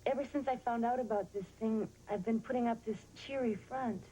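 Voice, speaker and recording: A woman's voice: a little high, brisk, warm tone, muffled recording, a little hiss or hum, close to an everyday voice. An actress playing a young woman patient who speaks bluntly and candidly. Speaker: actor. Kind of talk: sitcom drama acting.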